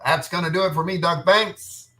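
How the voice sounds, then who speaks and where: An upbeat male radio host, as a comedian does an impression of him signs off, pitched a little higher than normal. He stretches out his words like a practiced announcer. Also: pushed and bright. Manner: upbeat, drawn-out announcer delivery.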